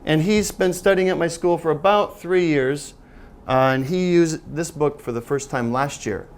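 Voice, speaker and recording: A man's voice: fairly high pitch, moderate pace. A middle-aged man giving a live teaching seminar to an audience, chatty and joking as he draws the room in. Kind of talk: live workshop presentation.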